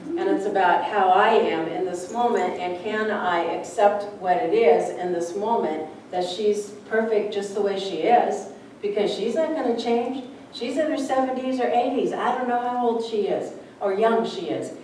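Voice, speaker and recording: A woman's voice: medium pitch, moderate pace, a little mellow. A woman minister giving a chatty, story-filled sermon, often acting out the voices of people in her stories. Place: church sanctuary. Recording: echoey room, distant mic, faint background noise.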